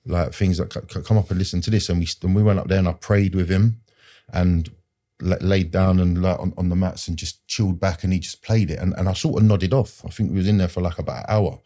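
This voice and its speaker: A man's voice: low voice, fairly even intonation, fast, warm tone. A man, a podcast guest telling his personal story in an earnest, rambling way with street slang and lots of fillers.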